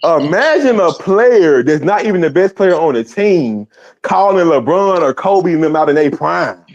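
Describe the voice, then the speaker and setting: Brief: man, lively up-and-down delivery, blunt profane sports takes, muffled lo-fi sound. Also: fairly high pitch, normal speed. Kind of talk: casual sports banter. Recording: dull lo-fi audio.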